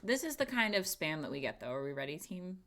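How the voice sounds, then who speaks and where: Talking quickly in a low, fairly bright voice with big pitch swings, a young female streamer giggles through casual chat. She's chatty and talks to herself while reading things aloud.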